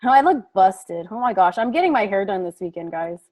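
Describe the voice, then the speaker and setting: A woman's voice: medium pitch, lively intonation, brisk, a little mellow. A woman hosting a casual group video call, chatty and laughing often. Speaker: call host.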